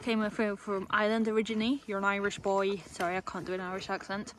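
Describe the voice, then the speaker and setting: A woman's voice: mid-range voice, little pitch movement, quick pace, a little hiss or hum. A young woman, casually chatting as she gives a walking tour of a horse yard. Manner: chatty, rambling, coos at the animals. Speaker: stable staff member giving a tour.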